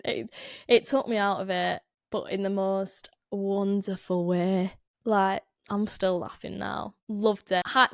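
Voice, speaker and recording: A woman's voice: medium pitch, clear, resonant tone, no echo, clean studio sound. Chatty young Northern English woman. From Northern England. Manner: chatty, rambling, many "like" fillers, self-interrupting. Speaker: podcast host. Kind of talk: casual chat.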